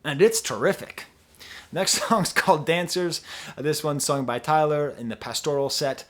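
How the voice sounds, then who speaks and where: A man's voice: on the high side, moderate pace, fairly bright tone. A man casually reviewing a concert video song by song, rambling and often breaking off mid-sentence. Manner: rambling, digressive, self-interrupting. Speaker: music reviewer.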